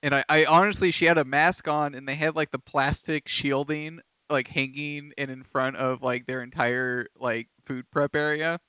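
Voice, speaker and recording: Bright, clear-voiced man hosting a podcast. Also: fairly high pitch, steady tone, normal speed, few pauses, no echo. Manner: laughing storyteller, filler-heavy. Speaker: podcast host. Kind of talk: casual chat. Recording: dull lo-fi dry sound.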